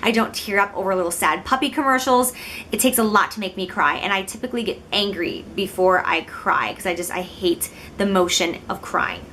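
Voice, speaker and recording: Woman, twenties, from Illinois, beauty vlogger, casual chat, giggly, self-deprecating, mid pitch, faint background noise. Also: a little fast, pushed and bright. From Illinois, United States. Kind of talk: casual talk to camera.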